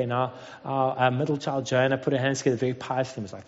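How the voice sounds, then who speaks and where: A man in his thirties preaching a sermon, telling a family story with animated acted-out voices. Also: mid-range voice, rapid-fire. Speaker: pastor. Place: Cape Town. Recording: dull sound with long hall reverb.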